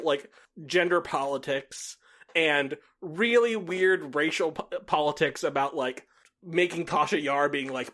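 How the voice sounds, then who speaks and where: A podcast co-host chatting casually, his voice fairly high and his tone fairly bright. He swears freely, laughs a lot, and acts out what other people said.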